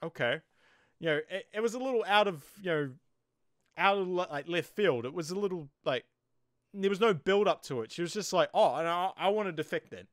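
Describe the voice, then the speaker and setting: A man's voice: high-pitched, animated, fairly quick, a bit bright, no room sound, studio quality. A man with a New Zealand accent giving a casual, rambling episode review, full of "you know" fillers. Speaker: TV show reviewer.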